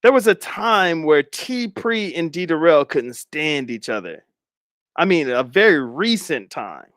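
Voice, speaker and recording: Animated man gossiping over a dry mic. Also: fairly high pitch, measured pace, no room sound. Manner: laughing, rambling, speculative gossip. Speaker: commentary streamer. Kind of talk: casual commentary chat.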